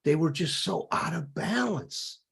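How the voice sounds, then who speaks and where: A husky-voiced man hosting a discussion, explaining ideas in an emphatic, teacherly way. His pitch moves up and down a lot as he stresses his points. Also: expressive, measured pace, fairly bright tone. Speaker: host. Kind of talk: discussion of recovery topics.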